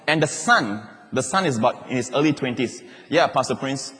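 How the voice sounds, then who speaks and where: A man preaching a sermon as a pastor, telling stories in an animated way and acting out the voices he quotes. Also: mid-range voice, normal speed. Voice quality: animated, acts out quoted voices, laughs as he talks. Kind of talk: sermon with personal storytelling. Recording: long reverb of a large hall.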